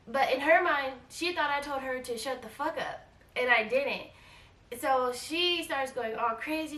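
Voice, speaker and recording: Animated woman telling a storytime in an echoey room. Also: high voice, moderate pace, recorded from a distance. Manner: animated, repeats herself, acts out quoted lines. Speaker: travel vlogger. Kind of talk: casual storytime vlog. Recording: echoey room, voice a bit off-mic.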